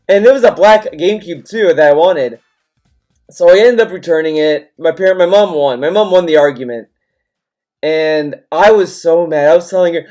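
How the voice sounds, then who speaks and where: A man in his twenties, a livestream host telling a story in casual, rambling chat, full of restarts and animated turns. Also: high voice, a little fast, soft background music.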